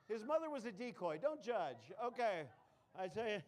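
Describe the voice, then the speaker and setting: A man's voice: sits high, big pitch swings, fairly quick, a little hiss or hum. A man performing a comedy magic act on a live stage, full of puns and self-mocking jokes. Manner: punning, self-mocking, jokey.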